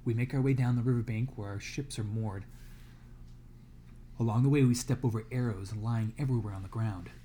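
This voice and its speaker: A man's voice: medium pitch, brisk, warm tone, a little hiss or hum. A man reading a novel aloud to a class as a guest reader, dramatic and dropping to a whisper in tense moments.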